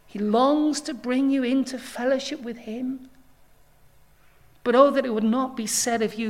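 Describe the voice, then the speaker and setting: Woman preacher, slow and earnest, somewhat high voice, pleading sermon delivery. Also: fairly even intonation. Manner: earnest pleading with sudden rises in intensity. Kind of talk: evangelistic sermon.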